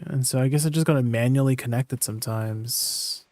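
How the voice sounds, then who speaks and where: A man's voice: medium pitch, fairly quick, a little mellow. A man livestreaming a game, chatting casually in a rambling way with lots of fillers and laughing at himself. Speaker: streamer.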